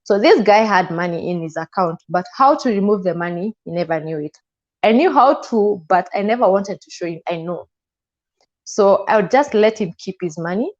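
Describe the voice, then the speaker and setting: A woman's voice: medium pitch, normal speed. A woman, a guest on an interview show, animatedly retelling a personal story. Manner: animated retelling with frequent "and I'm like" asides. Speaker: guest telling her story. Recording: slightly muffled, dull sound.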